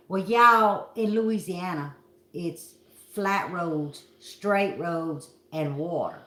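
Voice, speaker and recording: A woman's voice: lowish voice, drawn-out words, fairly bright tone, echoey room. A middle-aged woman from Kentucky with a Southern accent, telling a story to her viewers in a folksy, dramatic way. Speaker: vlog host.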